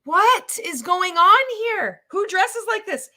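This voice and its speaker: A woman's voice: very high-pitched, expressive, slow, sharp tone. A woman giving sarcastic, swearing reaction commentary on a video. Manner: sarcastic, swearing, bursting into laughter.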